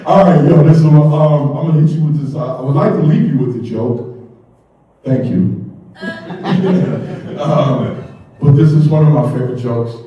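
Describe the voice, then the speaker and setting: A man's voice: on the high side, unhurried, heavy reverb, distant mic, lo-fi sound. A man doing a stand-up comedy set on stage, telling loose stories full of asides. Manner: loose storytelling with frequent asides.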